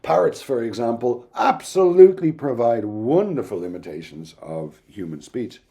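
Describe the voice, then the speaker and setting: A middle-aged man giving a recorded university lecture in an explanatory, thoughtful way, pausing now and then with "um". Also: medium pitch, animated, creaky, dark tone. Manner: explanatory, thoughtful, with occasional ums and restarts.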